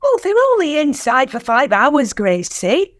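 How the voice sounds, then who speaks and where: A blunt, matter-of-fact neighbour in a radio sitcom. Her slightly high voice moves up and down a lot, recorded close and dry. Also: big pitch swings, unhurried, dry recording. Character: blunt, practical middle-aged neighbour woman.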